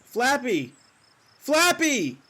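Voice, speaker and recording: A man's voice: mid-range voice, normal speed, darkish tone, close to an everyday voice. A man voicing an earnest young wanderer. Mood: worried. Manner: earnest, rambling, talks to his pet. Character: young wandering swordsman who talks to his bird. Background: music.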